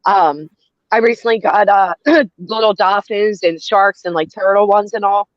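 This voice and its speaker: A woman's voice: mid-range voice, unhurried. A woman chatting on a live group call, rambling and making fun of herself. Her voice sits in a middle range. It comes through a slightly muffled lo-fi mic with no echo. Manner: self-mocking, chatty storyteller. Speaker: show panelist. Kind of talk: casual group chat.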